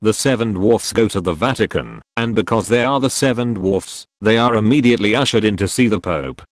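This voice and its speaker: A man narrating a compilation of jokes in an expressive storytelling manner. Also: on the low side, fairly quick, no room sound. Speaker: joke narrator. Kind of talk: scripted joke narration.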